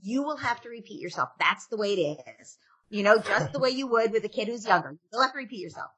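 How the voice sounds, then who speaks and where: A woman's voice: medium pitch, expressive, fast, fairly bright tone, breathy edge. A middle-aged woman, a parenting expert, giving advice in a casual podcast interview and acting out parent and kid lines.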